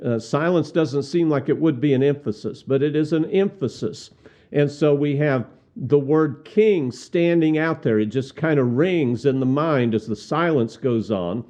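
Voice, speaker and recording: A man teaching how to lead a cappella hymn singing, speaking deliberately, repeating words and singing hymn lines as examples. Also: a little high, mellow. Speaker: song leading instructor. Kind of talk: instructional demonstration with sung examples. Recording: slightly dull, muffled sound.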